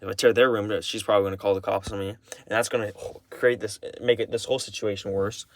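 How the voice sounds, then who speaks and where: A man's voice: on the low side, flat delivery, quick pace. A young man speaking in a personal confessional vlog, agitated and rambling, swearing often and restarting his sentences again and again.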